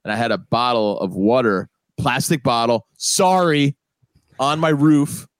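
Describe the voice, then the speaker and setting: A man chatting on a podcast, easygoing and anecdotal, slipping into quick impressions as he tells a story. His voice sits at a middle pitch. The sound is dry and close, with no room around it. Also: clear, resonant tone, dry recording. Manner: storytelling, does voices of people he met. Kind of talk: casual chat. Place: New York.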